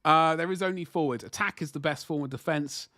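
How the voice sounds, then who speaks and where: A man hosts a laid-back livestream, painting miniatures at his desk while chatting and rambling with viewers. His voice is fairly high, bright and forceful, and he speaks fairly quickly in clean studio sound with no room sound.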